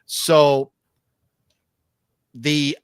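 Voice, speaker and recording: A man's voice: fairly high pitch, little pitch movement, drawn-out words, smooth, dry recording. Man, live-stream host, casual chat, reads comments, dry close sound. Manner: reads viewer comments aloud with many fillers.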